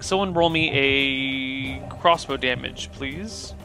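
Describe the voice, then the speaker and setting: A man acting as game master, narrating scenes and calling for dice rolls in a relaxed, descriptive way. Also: mid-range voice, faint music behind. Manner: descriptive, unhurried scene-setting.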